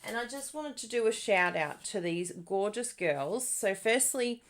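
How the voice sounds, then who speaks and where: A woman's voice: medium pitch, animated, unhurried. A woman hosting a casual live craft tutorial, bubbly and giggly, breaking into squealed exclamations as she chats to viewers. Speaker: papercraft demonstrator hosting a live stream.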